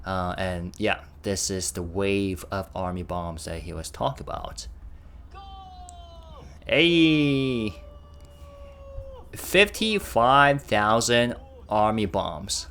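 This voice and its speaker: A man's voice: low-pitched, expressive, takes it slowly, few pauses, fairly bright tone, slight background noise. A young man hosting a casual reaction video, chatting and stopping often to react and translate. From Korea.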